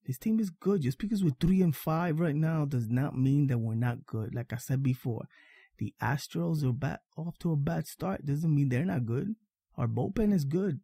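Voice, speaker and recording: A man's voice: medium pitch, mellow, breathy edge, no room sound, clean studio sound. A man hosting a casual sports fan podcast, talking emphatically, repeating his points and checking in with "all right?". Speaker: podcast host.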